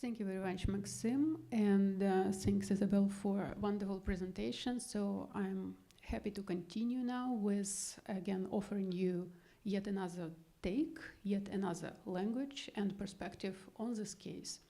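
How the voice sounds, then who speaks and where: Gravelly-voiced woman scholar presenting. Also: medium pitch, fairly even intonation, normal speed, hardly any pauses, warm tone. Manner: thoughtful, searching for words, with hesitations. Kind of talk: academic presentation. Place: gallery event hall.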